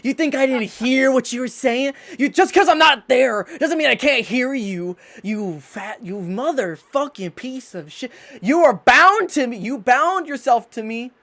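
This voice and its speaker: A woman voicing a furious, possessive female knife spirit who curses and scolds in a high, shrill voice. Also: lively intonation, unhurried, hardly any pauses, a bit bright, heavily acted. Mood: scolding. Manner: shrieking, cursing, scolding.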